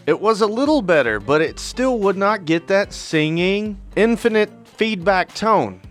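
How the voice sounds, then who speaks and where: A man's voice: fairly high pitch, a bit bright. A man from northern Alabama narrating his guitar electronics build in a plainspoken, matter-of-fact way.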